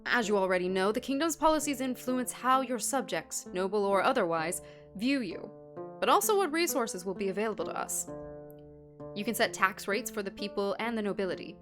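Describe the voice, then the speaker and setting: A woman voicing a courteous male royal spymaster in a game, reading his lines in a formal, measured way. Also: mid-range voice, expressive, soft background music, natural voice.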